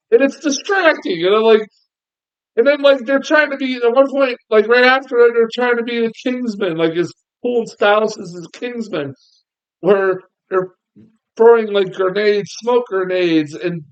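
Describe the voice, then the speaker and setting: Guy ranting about a movie, high voice, swears a lot, kinda muffled lo-fi sound. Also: fairly bright tone, clean tone. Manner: exasperated, swearing, laughing often. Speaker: film reviewer. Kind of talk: casual ranting review.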